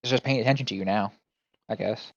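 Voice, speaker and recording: Halting man running a tabletop game. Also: lowish voice, no echo, dull audio. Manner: halting, self-correcting narration. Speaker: game master.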